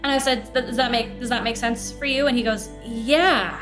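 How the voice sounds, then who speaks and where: A young podcast host talks a little fast in a voice on the high side, with music playing underneath. She relays a personal anecdote in a relaxed way, lively throughout and imitating the people she quotes.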